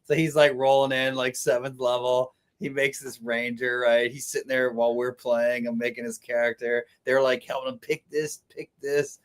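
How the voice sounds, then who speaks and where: A man on a video call panel, telling game stories in an excitable way and laughing as he talks. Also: mid-range voice, moderate pace, few pauses, smooth. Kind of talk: casual storytelling.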